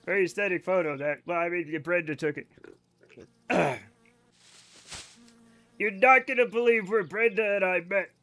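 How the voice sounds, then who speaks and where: A man's voice: high voice, normal speed, long pauses, a bit bright. A young American man streaming a game, chatting casually and answering his chat with jokes.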